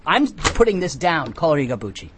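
A man hosting a comic call-in radio show, rambling in a deadpan, absurd way with many halting restarts. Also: fairly high pitch, noisy background.

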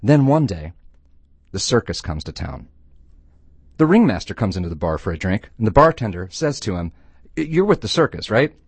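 Radio host guy telling jokes, lively up and down voice, dry studio sound. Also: sits low, normal speed, long pauses, breathy edge, no room sound. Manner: playful, animated storytelling.

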